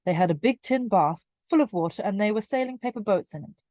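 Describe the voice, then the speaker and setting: Woman reading a kids' book aloud, calm and clear, mid pitch, dry close sound. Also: fairly quick, no room sound. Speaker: storyteller.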